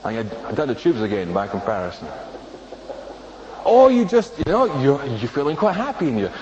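A man preaching a sermon from a platform to an audience, emphatic, slowing down to stress single words. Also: mid-range voice, huge pitch swings, a little mellow. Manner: acts out inner voices of listeners. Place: speaking from a platform before an audience. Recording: dull lo-fi recording with faint noise.

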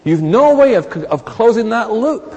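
A man preaching a sermon in a church hall, animated, acting out little scenes in raised voices. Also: very high voice, measured pace, lo-fi sound. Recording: long reverb of a large hall.

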